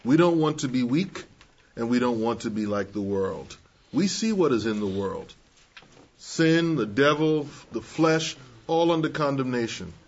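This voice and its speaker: A man preaching to young people, measured and emphatic, acting out the people he quotes. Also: mid-range voice, lively intonation, muffled recording. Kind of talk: sermon.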